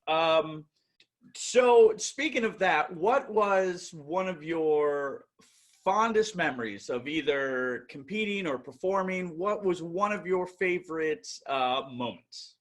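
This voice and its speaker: A man hosts a casual interview with a lively, bouncing voice that sits a little high. He asks his questions in a chatty, conversational way. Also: slow. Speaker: podcast host.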